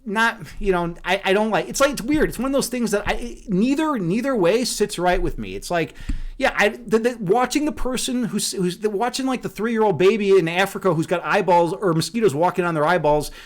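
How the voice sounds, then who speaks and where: A man's voice: sits high, animated, brisk. A man chatting casually on a livestream, rambling and profane, laughing often. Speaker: streamer.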